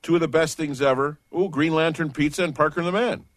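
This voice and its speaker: A man's voice: a little high, fast, dry recording. A man hosting a sports radio show, bantering loosely, joking and cutting in on his co-hosts. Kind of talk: casual sports radio talk. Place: radio studio. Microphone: studio microphone.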